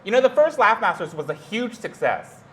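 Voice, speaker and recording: A man reading stage directions and lines in a comedy sketch, sounding flat and exasperated. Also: high-pitched, moderate pace. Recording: roomy echo, faint hiss.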